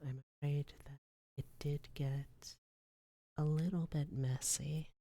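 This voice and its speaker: Young female ASMR streamer: low, slow whisper, rambling and self-mocking, dry close mic. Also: steady tone, mellow, dry recording.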